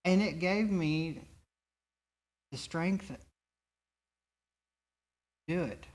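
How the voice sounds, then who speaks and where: Man, fairly high voice, earnest and halting, telling his recovery testimony at a church meeting. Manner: earnest, halting storytelling with frequent restarts.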